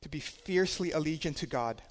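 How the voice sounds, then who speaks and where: A man preaching a sermon, telling a personal story in a conversational way, swinging between loud and quiet. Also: a little high, brisk, big-room sound.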